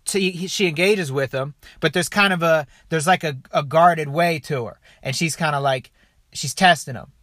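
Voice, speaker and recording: A man with a bright, fairly high voice rants through a video clip in casual, foul-mouthed commentary. He talks with animated energy and keeps tossing in "dude" and "okay." The sound is dry and close. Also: normal speed, no room sound.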